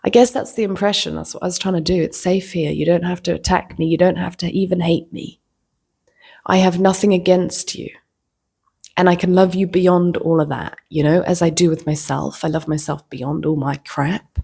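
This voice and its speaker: A woman vlogger telling a personal story in a reflective, casual way, slipping into soft whispers. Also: lowish voice, level tone, moderate pace, gravelly, husky.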